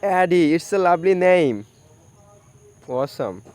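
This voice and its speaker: A man from Bangladesh who teaches English, chatting in friendly, halting non-native English full of "you know.". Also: sits high, animated, darkish tone. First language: Bengali. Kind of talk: casual chat.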